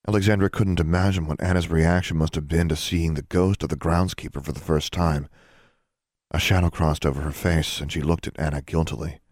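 Deep-voiced man narrating a story. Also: a little fast, no room sound, studio quality. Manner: expressive reading, voices each character. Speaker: audiobook narrator.

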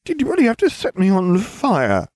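A man's voice: high-pitched, huge pitch swings, normal speed, darkish tone, no echo, clean studio sound, voice pushed up. A man voicing a whiny, nervous teenage boy wizard who complains plaintively.

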